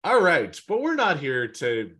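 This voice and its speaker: A man's voice: a little high, huge pitch swings, a little slow, bright, forceful tone. A man hosting a casual podcast, talking in a rambling, easygoing way. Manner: rambling, with fillers and laughs. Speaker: podcast host.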